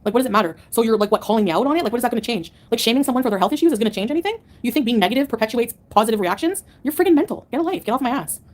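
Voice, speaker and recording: A woman's voice: a little high, animated, very fast, hardly any pauses. A woman livestreamer answering her chat in a combative, sarcastic rant. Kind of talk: live-stream rant to chat.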